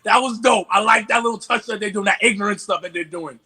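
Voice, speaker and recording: A man from New York with a New York accent, a podcast guest in casual chat, animated and stammering through restarts. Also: high-pitched, quick pace, slightly rough.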